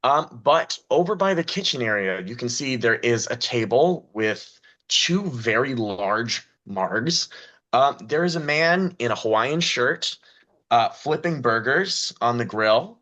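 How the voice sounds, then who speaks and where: A man's voice: medium pitch, a little slow. Laid-back male game master. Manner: relaxed, chuckling often, with many fillers. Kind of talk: narrating a tabletop game.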